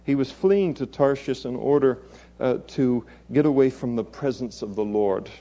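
A man's voice: mid-range voice, normal speed, dark tone. A man preaching an expository sermon in a conversational way, chuckling and adding playful asides.

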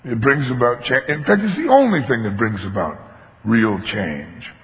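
A man's voice: mid-range voice, big pitch swings, normal speed. A man preaching a sermon, telling a story with emphatic animation and acting out the voices of its characters. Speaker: pastor. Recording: long hall reverb, dull lo-fi sound.

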